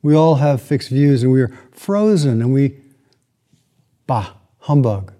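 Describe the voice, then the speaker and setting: A man giving a sermon, retelling a classic story with reflective, slow dramatic pauses. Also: medium pitch, lively intonation, dark tone.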